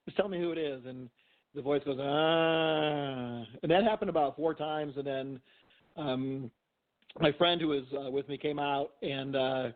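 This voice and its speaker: Middle-aged man telling stories over a tinny phone line. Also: medium pitch. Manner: rambling, heavy use of "you know" and restarts. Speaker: guest, physician and paranormal investigator. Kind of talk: casual storytelling in a phone interview.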